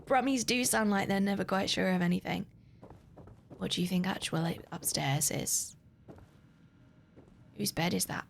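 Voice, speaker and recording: A woman's voice: medium pitch, normal speed, creaky, pauses often, slight background noise. A British woman streaming a video game live, chatting animatedly and laughing with her viewers. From Britain. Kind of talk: live gameplay commentary.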